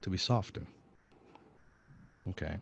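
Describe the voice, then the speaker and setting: A man's voice: a little slow, muffled recording. A man coaching a sales team on a video call. He talks casually, often correcting himself as he explains. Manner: chatty, self-correcting, explanatory. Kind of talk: sales training role-play.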